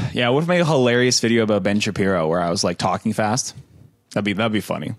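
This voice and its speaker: A young man co-hosting a podcast, talking in a deadpan, joking way in casual chat. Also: fairly low pitch, fast talker, no room sound, clean studio sound. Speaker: podcast co-host.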